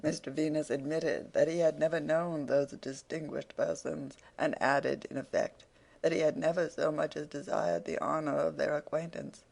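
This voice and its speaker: A man reads a classic novel aloud in a measured, formal storyteller's voice. The voice sits a little higher than usual and carries a gravelly texture. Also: steady tone, a little mellow. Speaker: audiobook narrator. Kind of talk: scripted narration of a classic novel.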